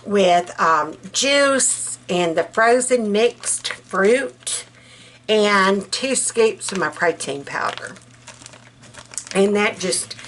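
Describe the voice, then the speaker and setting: A Southern-accented woman from South Alabama vlogs while cooking at home, chatting folksily and calling her viewers girl and baby. Her mid-range voice is a bit bright, and there's a little hiss or hum.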